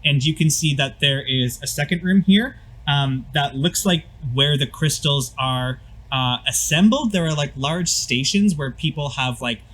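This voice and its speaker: A man's voice: on the high side, a little slow, fairly bright tone, slightly rough, poor audio. A man narrating a tabletop game as game master in a loose, filler-heavy way.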